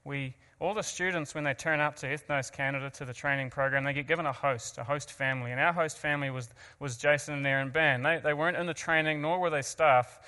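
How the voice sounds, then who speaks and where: New Zealand-accented man, fairly high voice, earnest speaker with self-deprecating humor, heard in a reverberant hall. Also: fairly even intonation, quick pace, hardly any pauses, pushed and bright. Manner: earnest, self-mocking asides, frequent restarts. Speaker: guest speaker. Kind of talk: personal testimony to an audience.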